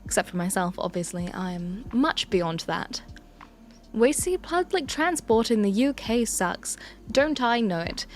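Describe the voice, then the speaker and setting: A prim, self-important evil twin, as a woman streamer puts her on, full of theatrical, old-fashioned turns of phrase. Her voice sits fairly high, and she takes her time, drawing the words out slowly. She chats through a live stream with her own smug flourish. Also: sing-song. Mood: prim, chatty. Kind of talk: live stream character chat.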